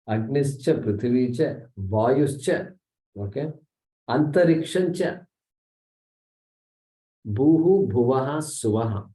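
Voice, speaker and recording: Dark-voiced teacher in an echoey hall. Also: male voice, mid-range voice. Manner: explanatory, recites verses, peppers with "okay". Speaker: scripture teacher. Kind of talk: class lecture on scripture. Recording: echoey room, mic distant.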